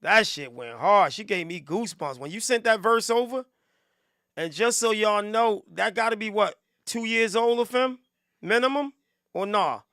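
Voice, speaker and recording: A man's voice: high voice, moderate pace, fairly bright tone, no room sound, clean studio sound. A man hosting a live music review stream, reacting with hyped, joking commentary and talking straight to his chat. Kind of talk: casual livestream commentary.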